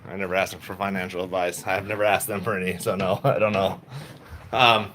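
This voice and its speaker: A man's voice: low voice, level tone, brisk, fairly bright tone, slight background noise, rough recording. A middle-aged man chatting casually to viewers, laid-back and rambling, laughing often. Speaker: stock vlogger. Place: around his retail shop and car.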